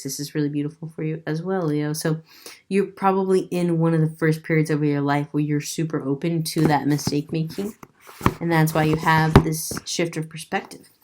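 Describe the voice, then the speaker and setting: A woman's voice: low voice, darkish tone. A woman doing a casual tarot reading, musing aloud as she turns over cards and laughing now and then. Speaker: tarot reader.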